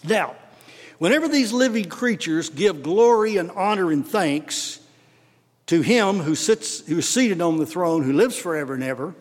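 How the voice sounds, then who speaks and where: A man with a Texan accent preaching a sermon as pastor, swelling emphatically on key words and dropping into quick asides. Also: sits high, animated. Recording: long hall reverb.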